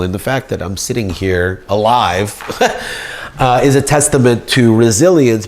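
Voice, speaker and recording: A man talks in a rambling, grandiose way, as if addressing a judge. His voice sits somewhat low. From United States. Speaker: speaker pleading his case. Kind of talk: rambling monologue.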